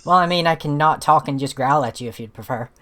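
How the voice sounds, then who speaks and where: A woman's voice: low voice, fast, fairly bright tone. A woman playing in an online tabletop game, giggling often and talking in a casual, slightly apologetic way. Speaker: player. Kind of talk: casual play chat.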